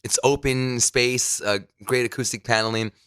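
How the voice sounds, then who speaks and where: A man's voice: medium pitch, steady tone, moderate pace, a bit bright, clear, resonant tone, no room sound, clean studio sound. A man guest on a podcast, telling loose stories from his career in a casual chat, swearing freely and quoting people he met. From New Jersey. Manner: loose storytelling with swearing and quoted asides. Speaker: podcast guest, radio host. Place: his broadcast studio.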